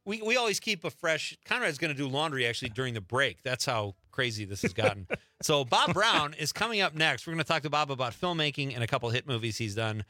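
Lively, bright-voiced radio host man. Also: medium pitch, fast talker, dry recording, studio quality. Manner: joking, loose and animated. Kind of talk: casual radio talk. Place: radio studio. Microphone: studio microphone.

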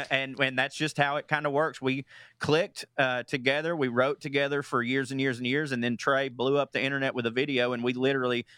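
A man's voice: medium pitch, a little fast, clean tone, no room sound, studio quality. A man with a Midwestern accent, a comedian guest chatting casually on a radio show, laughing and rambling as he tells stories. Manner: laughing, rambling, animated storyteller. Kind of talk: casual radio interview chat.

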